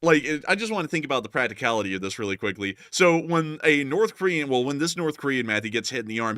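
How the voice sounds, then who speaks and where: A man giving casual news commentary as host, animated with joking asides. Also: medium pitch, fast talker, hardly any pauses, no echo, studio quality.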